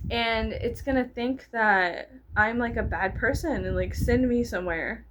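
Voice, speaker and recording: A woman's voice: mid-range voice, moderate pace, a bit bright. Giggly, sweary woman vlogger in her thirties. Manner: giggly, self-mocking, swears freely, drops into whispers. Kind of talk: casual rambling vlog. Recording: noisy home recording with clicks.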